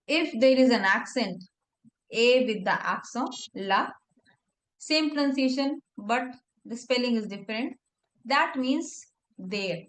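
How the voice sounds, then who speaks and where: A woman's voice: a little high, expressive, slow, reverberant. A woman teaching French one-on-one, explaining patiently step by step with examples. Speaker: French tutor. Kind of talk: one-on-one language lesson. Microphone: online class.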